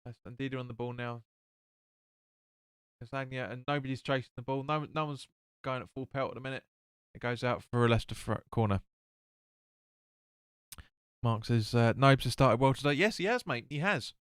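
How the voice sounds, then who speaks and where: A man's voice: mid-range voice, moderate pace, pauses often, fairly bright tone, clean tone, no echo, clean studio sound. A man hosting a live football watch-along, calling the play and chatting with viewers as he reads their comments. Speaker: fan watch-along host.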